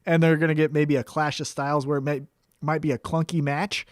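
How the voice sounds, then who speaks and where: Higher-voiced man chatting on a podcast. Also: level tone, brisk, clear, resonant tone, no room sound, clean studio sound. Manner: rambling, thinks aloud with fillers. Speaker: podcast co-host. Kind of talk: casual chat.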